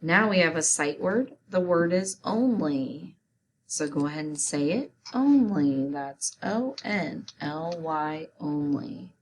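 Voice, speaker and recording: A woman teacher leads a spelling lesson at a very slow, deliberate pace. She sounds out each word letter by letter in a slightly low voice. A faint background hiss sits under her speech. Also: expressive, darkish tone.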